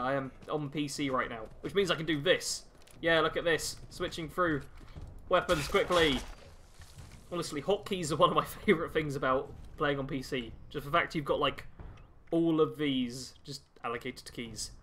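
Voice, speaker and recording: A man's voice: a little high, bright, forceful tone, slight background noise. A man chatting casually while streaming a game and reading viewer messages aloud. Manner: chatty, reads chat aloud while playing. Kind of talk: casual live-stream commentary.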